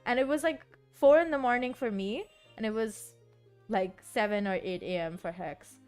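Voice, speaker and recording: A woman's voice: a little high, moderate pace. Giggly, rambling young woman streamer. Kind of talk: casual chat while composing music. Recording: faint background music. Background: soft background music.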